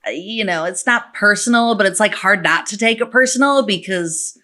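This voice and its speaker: A woman hosting an interview podcast who asks quick follow-up questions and backs up her guest. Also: mid-range voice, pushed and bright. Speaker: podcast host. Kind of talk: casual interview chat.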